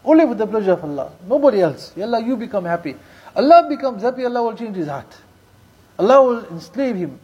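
A man with a high, husky voice delivers a sermon, telling stories and repeating key lines for emphasis. He mixes Urdu and Arabic religious terms into his English. His tone is dark and mellow. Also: big pitch swings, dull audio. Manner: recites Quranic verses rapidly in Arabic. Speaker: Islamic preacher.

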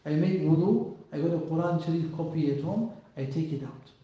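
A man voicing a soft-spoken tearful young maid. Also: a little high, brisk, heavy reverb, recorded from a distance, lo-fi sound, pitched below the performer's own voice, lightly acted. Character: poor young housemaid, tearful and humble.

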